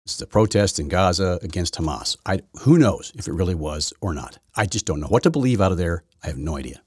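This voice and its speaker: A man's voice: deep voice, lively intonation, fast talker, a little mellow, husky, no room sound, clean studio sound. A man hosting a solo political commentary podcast, rambling and combative, often correcting himself mid-sentence. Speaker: podcast host.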